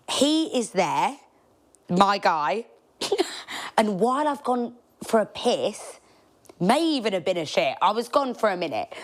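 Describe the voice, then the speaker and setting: A young woman, a podcast host, telling a story in a casual, animated way with frequent laughs and swearing. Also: medium pitch. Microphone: clip-on mic.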